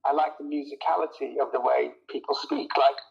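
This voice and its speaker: A man, a comedian guest in a casual interview chat, animated and storytelling, laughing often and repeating words as he gets going. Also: mid-range voice, fairly quick, creaky, lo-fi sound.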